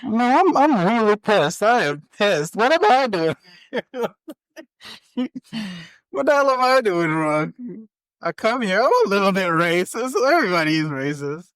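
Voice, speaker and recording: A man's voice: sits high, big pitch swings, measured pace, a bit bright, no room sound. A young man co-hosting a casual podcast, joking and provocative in slangy speech. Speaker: podcast co-host.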